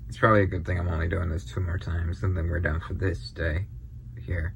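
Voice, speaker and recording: A tired man with a fairly low voice gives casual reaction commentary, hesitant and full of fillers, sighing as he trails off. Faint room ambience sits behind him. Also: flat delivery, brisk, creaky, slight background noise. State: tired, yawning. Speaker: reaction video host.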